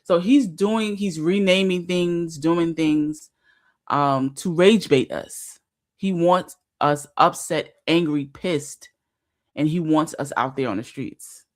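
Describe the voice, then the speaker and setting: A woman hosting a casual livestream, talking emphatically, repeating herself and filling pauses with fillers. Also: sits low. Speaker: livestream host.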